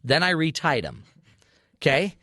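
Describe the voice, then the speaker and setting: Man, radio show host, animated comic storyteller, dry studio sound. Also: on the high side, measured pace, no echo. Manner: animated, acts out quoted voices. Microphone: studio mic.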